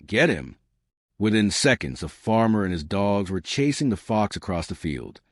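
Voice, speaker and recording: A man narrating scripted jokes in a lively storytelling manner. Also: on the low side, normal speed, no room sound, clean studio sound. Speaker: joke narrator.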